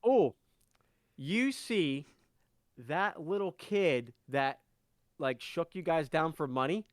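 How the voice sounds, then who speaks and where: A man's voice: a little high, expressive, slow pace, no room sound, studio quality. A man running a tabletop game as game master, narrating loosely with lots of fillers and frequent laughter.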